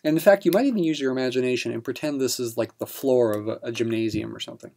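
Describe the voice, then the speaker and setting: Gravelly patient math teacher, man. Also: medium pitch, quick pace, mellow, slight background noise. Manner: patient step-by-step explanation with fillers. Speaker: math instructor. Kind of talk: explaining a practice problem.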